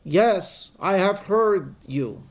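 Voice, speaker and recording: A man voicing a calm divine voice from above, deep, resonant and slow. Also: heavily acted.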